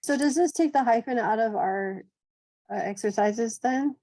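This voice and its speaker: A woman's voice: fairly high pitch, normal speed, warm tone, rough recording. A woman student in a language class, asking the teacher direct questions.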